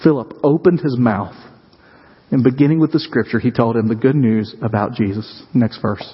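Storytelling pastor in a reverberant church. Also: male voice, medium pitch, moderate pace, slightly rough. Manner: conversational storytelling with rhetorical questions to the congregation. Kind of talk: sermon. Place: church sanctuary. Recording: dull sound with long reverb in a hall.

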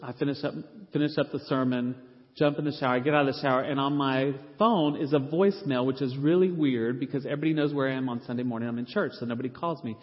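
A middle-aged man, a pastor, telling an animated, self-deprecating story from the pulpit and acting out the people he quotes. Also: medium pitch, fast talker. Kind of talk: storytelling sermon. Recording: reverberant hall, dull lo-fi sound.

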